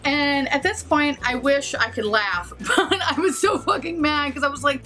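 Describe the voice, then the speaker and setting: A young woman telling a profane, animated storytime as a beauty vlogger. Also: high-pitched, moderate pace, hardly any pauses, faint music behind. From New York area. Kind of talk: casual storytime.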